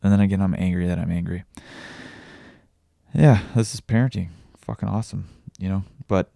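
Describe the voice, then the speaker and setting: A young man speaks in a deep, gravelly voice, halting and raw as he confides in a personal vlog. His tone is dark and mellow, close and dry with no room sound, and he swears freely between restarts. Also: no echo. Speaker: vlogger and podcaster.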